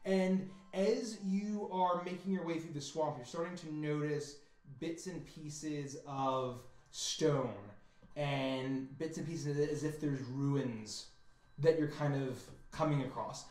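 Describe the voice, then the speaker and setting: A man's voice: on the high side, takes it slowly, a little mellow. A man running a tabletop game as game master, narrating loosely with fillers and restarts. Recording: echoey room.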